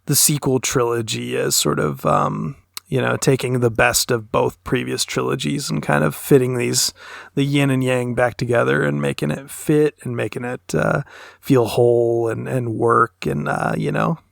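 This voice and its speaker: A man's voice: mid-range voice, fairly even intonation, normal speed, creaky, dry recording, studio quality. A man co-hosting a podcast, talking in a thoughtful, analytical way with long, winding sentences. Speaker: podcast co-host. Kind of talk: casual podcast discussion.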